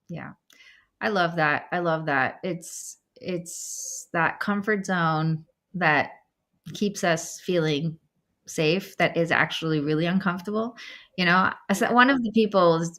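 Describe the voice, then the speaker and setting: A woman hosting a podcast and coaching, chatting in an animated way and acting out the people in her stories. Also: fairly low pitch. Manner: animated, acts out quoted voices in stories. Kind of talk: conversational podcast chat.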